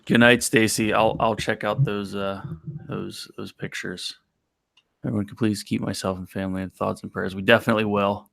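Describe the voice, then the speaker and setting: Tired man, gravelly low voice, dry home mic, short chatty replies on a late-night stream. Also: level tone, normal speed, fairly bright tone, dry recording. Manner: tired, short drawled reactions. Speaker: guest co-host. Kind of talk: casual late-night live stream chat.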